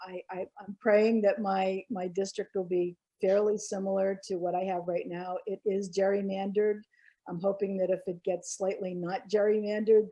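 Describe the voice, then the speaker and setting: A woman's voice: medium pitch, mellow. A woman, a former political candidate, speaking earnestly on a panel discussion and telling a story with frequent restarts.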